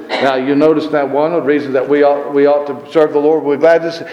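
A man preaches a sermon in a church sanctuary, his higher-pitched voice ringing through a roomy hall with a long echo. He lifts and pushes his voice on scripture, repeating references and restarting phrases as he goes. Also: fairly even intonation, a little fast, darkish tone, muffled recording.

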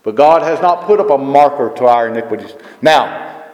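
A man's voice: mid-range voice, lively intonation, normal speed, darkish tone, highs cut off. Echoey preacher man, emphatic and repeating. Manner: emphatic, repeats himself, asks rhetorical questions. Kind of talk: sermon.

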